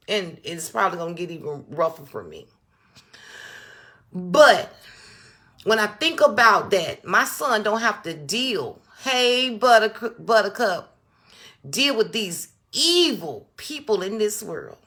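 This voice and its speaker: A woman's voice: mid-range voice, sing-song, slow pace, sharp tone. A woman hosting a casual livestream, talking straight to her viewers, greeting them by name and repeating key phrases for emphasis. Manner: addresses viewers directly, greets chatters by name. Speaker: livestream host. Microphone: phone or small setup on a stand.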